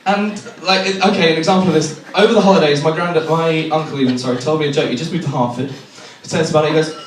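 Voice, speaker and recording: A man's voice: a little high, fast talker. A young man from England performing a stand-up comedy set, telling self-deprecating stories and acting out the people in them. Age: young adult. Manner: self-deprecating, animated storytelling with acted-out voices. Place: comedy venue with a laughing audience. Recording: echoey room from far off, noisy.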